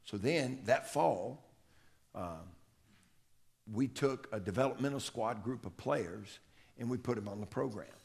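A man's voice: mid-range voice, a little slow, gravelly, long pauses, darkish tone. A middle-aged man, a strength coach giving a folksy, anecdotal conference talk. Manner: folksy, anecdotal, acts out quotes. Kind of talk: conference presentation, storytelling. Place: conference room.

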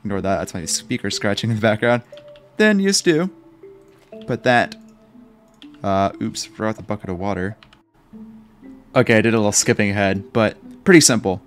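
A man with a fairly low voice narrates his gameplay in a rambling, self-mocking way, cracking jokes as he goes. Faint guitar music plays underneath him. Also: fairly even intonation, brisk. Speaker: Minecraft YouTuber. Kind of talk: gameplay commentary.

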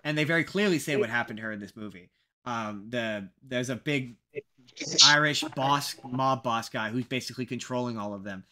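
A young man co-hosting a casual podcast, rambling and animated, poking fun at his own past opinions. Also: medium pitch, moderate pace. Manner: animated, rambling, self-mocking. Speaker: podcast co-host.

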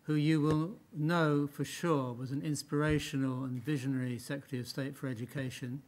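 British host losing his voice. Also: fairly high pitch. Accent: British English. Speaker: event host. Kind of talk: introducing a speaker.

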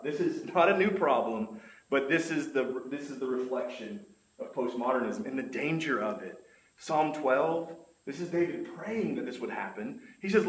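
A man's voice: mid-range voice, lively intonation, moderate pace. A man teaching a church Bible class in an earnest, emphatic way, quoting scripture. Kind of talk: church lesson talk. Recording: echoey room with faint noise.

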